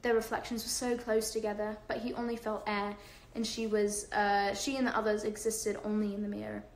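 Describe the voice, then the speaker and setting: A woman's voice: medium pitch, little pitch movement, brisk. Woman reading a novel aloud, roomy room. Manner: unpolished reading with fillers and self-corrections. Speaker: livestream host reading aloud.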